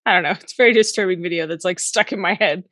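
A young woman co-hosting a podcast, chatting casually and telling stories with animated, mock-indignant laughter. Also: fairly low pitch, rapid-fire, no room sound, clean studio sound. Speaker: podcast co-host. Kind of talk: casual chat.

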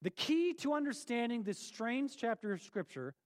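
Lively, playful preacher man. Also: very high-pitched, normal speed. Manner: conversational, playful, asks the congregation questions. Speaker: pastor. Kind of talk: sermon.

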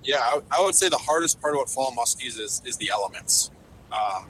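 A man talks as a guest on a casual podcast, a fishing guide with an eager, rambling delivery. He starts over often and fills the gaps with ums and you-knows. His voice sits in an ordinary middle pitch. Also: expressive, brisk, a bit bright, slight background noise, poor audio. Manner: enthusiastic, rambling with many fillers.

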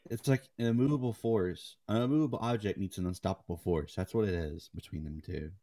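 A man's voice: low voice, fairly quick, mellow, no echo, studio quality. A young man co-hosting a podcast in laid-back casual chat, swearing casually and laughing often. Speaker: podcast co-host.

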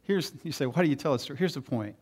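A fast-talking middle-aged pastor with a slightly rough, fairly high voice preaches a sermon. He's an animated storyteller who acts out the voices of the people he's quoting.

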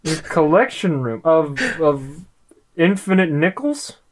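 A player in a casual tabletop role-play, making wry, deadpan remarks. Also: mid-range voice, takes it slowly.

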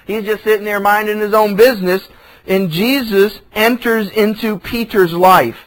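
A pastor teaching a sermon through a Bible passage, retelling the scripture in everyday, conversational speech. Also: male voice, high voice, fairly even intonation, moderate pace, rough recording.

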